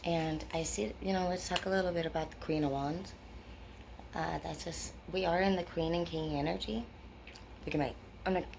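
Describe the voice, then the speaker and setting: A woman's voice: lowish voice, steady tone, moderate pace, creaky, a little mellow, slight background noise. A woman with grown children giving a casual tarot reading to her viewers, rambling, blunt and full of swearing. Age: adult with children. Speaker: tarot reader.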